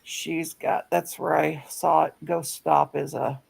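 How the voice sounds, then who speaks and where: A woman with a gravelly voice chatting casually on a livestream, telling stories. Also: low voice, steady tone, slow, a little mellow. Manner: chatty storyteller. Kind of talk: casual chat. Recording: faint background noise.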